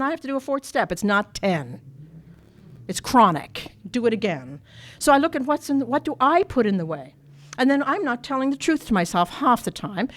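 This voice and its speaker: A woman addresses a workshop audience in a fairly high voice. She tells her own story plainly and bluntly, laughing often along the way. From Ireland. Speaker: recovery meeting speaker. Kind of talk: personal recovery talk to an audience. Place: workshop meeting room.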